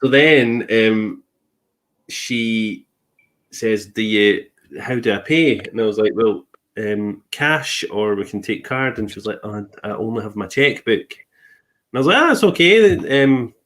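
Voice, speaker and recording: A man's voice: on the low side, a little slow, fairly bright tone. A man, a host and medium, telling a story in casual chat and acting out the people he quotes. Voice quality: laughs easily, acts out quoted people.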